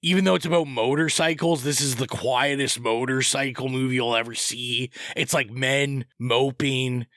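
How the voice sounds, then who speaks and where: A man's voice: medium pitch, fairly even intonation, moderate pace, few pauses, fairly bright tone, dry recording. A man co-hosting a podcast, giving rambling, opinionated movie recommendations in casual chat. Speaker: podcast co-host.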